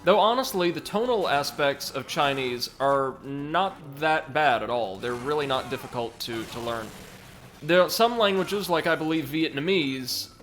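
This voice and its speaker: A man hosting a let's play, chatting casually and reacting to viewers while he plays, often correcting himself mid-sentence. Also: fairly high pitch. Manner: chatty, self-correcting, excitable. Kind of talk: casual gameplay commentary with chat reading.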